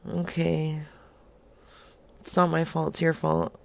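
A woman's voice: low-pitched, completely flat delivery, takes it slowly, creaky, a little mellow. A woman co-hosting a comedy show, chatting in a giggly, teasing way and swearing freely. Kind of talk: casual banter on a live show.

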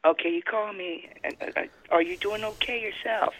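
A woman's voice: medium pitch, moderate pace, fairly bright tone. An older woman answering a prank call, polite and hesitant, repeating herself. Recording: muffled phone line.

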